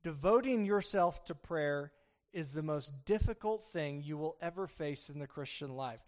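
A pastor preaching an expository sermon, earnest, rising to emphatic peaks and dropping to soft, quiet pleas. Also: male voice, a little high, lively intonation, moderate pace.

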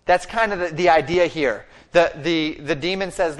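A man's voice: on the high side, normal speed, few pauses. A man preaching a sermon that explains a scripture passage line by line and acts out the quoted speech. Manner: expository preaching with fillers and restarts, acting out quoted speech. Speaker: pastor.

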